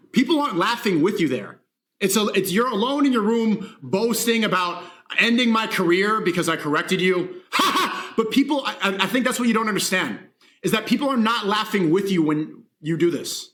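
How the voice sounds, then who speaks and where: Bright-voiced preachy male streamer. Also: sits high, animated, moderate pace. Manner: earnest, lecturing, preachy. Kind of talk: livestream talk.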